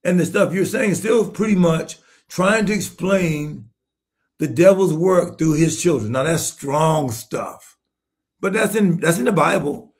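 Bishop in his seventies, higher-pitched male voice, emphatic sermon delivery with rhetorical questions and sudden shouts. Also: animated, unhurried. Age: 70s. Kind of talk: sermon-style commentary.

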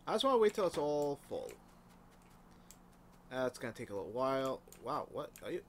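The let's play host here has a mid-range voice with big pitch swings and a brisk pace. He swears often and mutters casual commentary to himself over a factory-building game, hiccuping along the way, with slight background noise.

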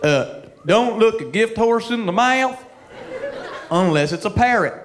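Folksy blunt advice host, slow drawl, bright high voice , as a stand-up puts him on, laughter noise in the room. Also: male voice, animated, crowd noise.

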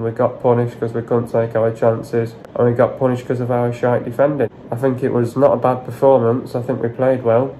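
A man's voice: medium pitch, dark tone, a little hiss or hum, low-quality recording. A man giving a frustrated match analysis on his vlog, blunt, sweary and repeating his complaints. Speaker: football fan vlogger.

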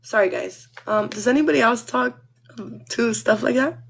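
Brief: higher-pitched woman with a husky voice, foul-mouthed and playful on a casual livestream. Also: normal speed, a bit bright.

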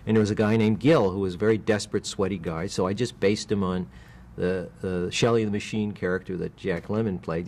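A voice actor in an interview, explaining his characters in a relaxed way and slipping into quick impressions. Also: fairly low pitch.

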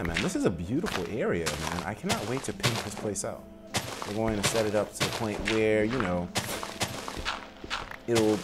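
Rambling, profane gaming commentator, low voice. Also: male voice, heavy background noise. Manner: rambling, profane, bursts into high laughter. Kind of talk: casual let's-play commentary. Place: room at home with windows open.

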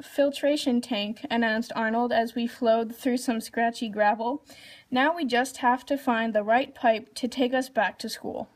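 A woman with a fairly high voice reads a children's storybook aloud. She reads the narration plainly and lifts her pitch for the characters' lines. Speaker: reader.

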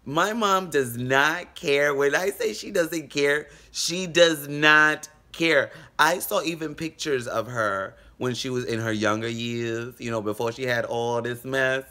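A male vlogger telling funny stories in casual storytelling mode. His voice is bright and forward, and he talks in an animated, joking way with big swings in pitch. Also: a little slow, hardly any pauses.

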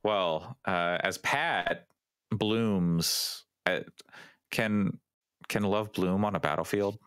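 A man hosting a podcast in casual chat, hesitant with many pauses. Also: low voice, fairly bright tone, clear, resonant tone, no echo, studio quality. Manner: slow, hesitant, lots of uh.

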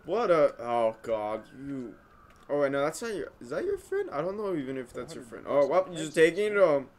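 A young man hosting a reaction video, talking back to the screen with excitable outbursts and mumbled asides. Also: a little high, fairly quick, a little hiss or hum. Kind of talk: casual reaction commentary.

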